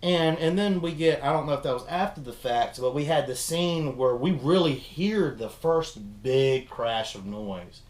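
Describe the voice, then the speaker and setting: A man's voice: medium pitch, a little slow, few pauses, roomy sound. A young man casually chatting as a film review host, rambling and swearing as he retells scenes. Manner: rambling, profane, animated retelling. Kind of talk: casual chat.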